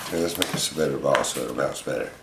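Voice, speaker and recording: A man with a very low voice chats playfully and coaxingly to his pet monkey in a casual home vlog. The room is echoey, and steady noise runs underneath. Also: vocal fry. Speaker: pet vlogger.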